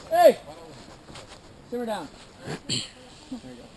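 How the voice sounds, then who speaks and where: A man's voice: high voice, lively intonation, brisk. A man guiding a sled dog tour, giving an upbeat, joking outdoor safety briefing to a group and ending lines with "okay?". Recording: noisy outdoor field recording.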